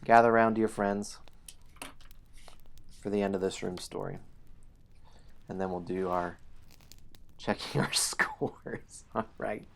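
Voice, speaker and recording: A man's voice: low voice, fairly even intonation, measured pace, creaky, pauses often, a bit bright. A man hosting a casual game stream, playfully teasing players and reading the story aloud. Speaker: game host.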